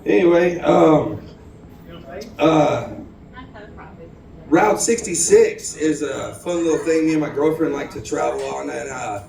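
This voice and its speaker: On a bar stage, a stand-up comedian from Houston, Texas, works through a rambling, self-deprecating open-mic set full of ums and restarts. His voice is a little high, with vocal fry, a measured pace, and long pauses. The rough recording sounds roomy and far from the mic, with crowd noise.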